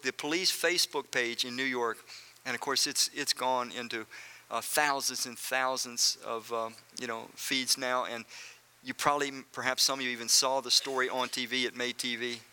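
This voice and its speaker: A man's voice: mid-range voice, bright, forceful tone, smooth. A male pastor preaching a sermon, speaking earnestly and directly to his congregation and repeating phrases for emphasis.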